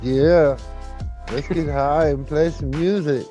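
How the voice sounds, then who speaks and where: A man co-hosting a podcast in casual chat, a relaxed storyteller who puts on voices for his jokes. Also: on the high side, slow, soft background music. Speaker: podcast co-host.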